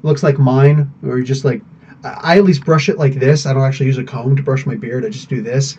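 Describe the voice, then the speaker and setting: A man's voice: mid-range voice, a little fast, breathy edge. A man hosting a live podcast stream, chatting casually, rambling and laughing as he answers viewers. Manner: rambling, animated, laughs often. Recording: dull lo-fi sound.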